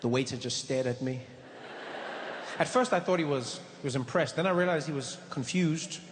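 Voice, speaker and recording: A man from South Africa telling a stand-up comedy story, animated and breaking into shouted punchlines. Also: a little high, moderate pace. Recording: echoey theatre hall with ambient noise.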